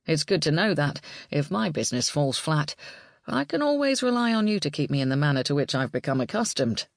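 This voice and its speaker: A woman's voice: sits low, sing-song, brisk, gravelly, no room sound, studio quality, exaggerated voice. A woman voicing a cheerful young man, a designer, with a teasing, easygoing way of talking.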